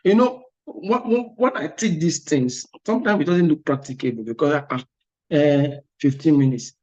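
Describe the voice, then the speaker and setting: Heard on a muffled recording, a man with a voice on the high side and a touch of mellowness delivers a motivational talk to an exam prep class. He hammers points home with emphasis and repetition, frequently checking "are you with me?"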